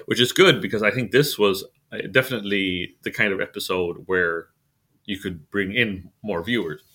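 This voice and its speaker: Man, podcast co-host, casual wrestling chat, lowish voice, bright tone, halting with fillers. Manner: halting, many fillers and restarts; chuckles while talking.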